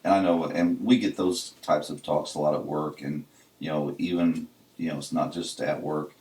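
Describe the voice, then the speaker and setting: A man's voice: rumbling low, fairly even intonation, normal speed, darkish tone. A man co-hosting a casual podcast, telling a story in an easygoing way. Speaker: podcast co-host. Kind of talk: casual chat. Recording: echoey room, distant from the mic.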